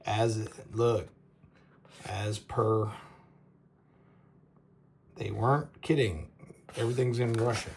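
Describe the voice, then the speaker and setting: Man, casual knife review, halting and rambling, slow delivery, faint background hiss. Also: medium pitch, gravelly, a little mellow. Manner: rambling, halting, stumbles over names with laughs. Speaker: knife reviewer, show host.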